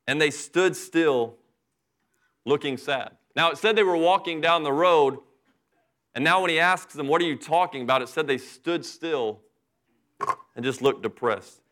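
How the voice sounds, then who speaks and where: A middle-aged man delivers a sermon in a relaxed, conversational way and speaks straight to his congregation. His voice sits a little above the usual male range. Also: on the high side, unhurried, long pauses. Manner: conversational preaching, acts out Bible characters in asides. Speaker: pastor.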